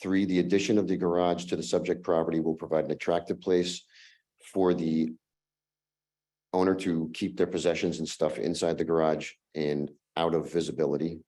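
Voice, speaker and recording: A hoarse man who is losing his voice, making a formal presentation as an applicant to a town zoning board and running through a numbered list with fillers. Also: deep voice, level tone, moderate pace, warm tone. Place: town meeting room.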